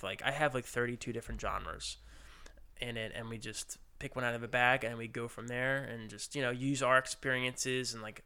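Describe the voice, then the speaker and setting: A man's voice: mid-range voice, sharp tone, clear, resonant tone. A young adult man, a podcast guest, chatting casually and rambling upbeat, often saying dude. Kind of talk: casual chat.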